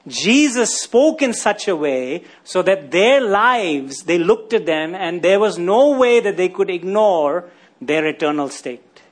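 A man's voice: sits high, lively intonation, slow. A man preaching a sermon, often asking his listeners rhetorical questions and tagging lines with "isn't it?".

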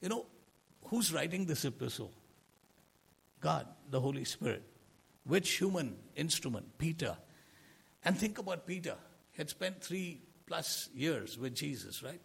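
Gravelly, husky male preacher, slow sermon. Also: on the high side, sing-song, fairly bright tone. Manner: earnest, rhetorical questions, swelling emphasis.

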